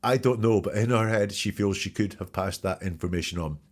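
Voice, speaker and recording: A man's voice: on the low side, fairly quick. A man hosting a podcast, analyzing courtroom testimony in an emphatic commentary style and asking rhetorical questions. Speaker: podcast host.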